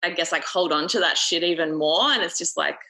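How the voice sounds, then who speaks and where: Candid young Australian woman, bright voice. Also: lowish voice, fairly quick, poor audio. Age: young adult. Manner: candid, swears freely, many "like" fillers. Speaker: guest. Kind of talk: casual podcast conversation.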